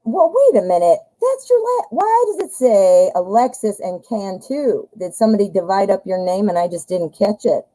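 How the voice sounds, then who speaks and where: A woman's voice: medium pitch, big pitch swings, moderate pace, few pauses, mellow, rough recording. A woman giving a live-stream tarot reading in a chatty, joking way, calling her viewers hon and my dear. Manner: jokey, self-mocking asides. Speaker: tarot reader.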